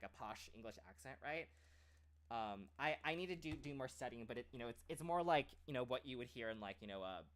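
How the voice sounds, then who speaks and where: A man of average pitch chatting casually to his stream. He rambles and restarts his sentences, with "like" dropped in all the time. His delivery is loose and unscripted. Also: fairly bright tone. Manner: rambling, full of "like" fillers and restarts. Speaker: streamer and aspiring voice actor. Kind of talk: casual chat.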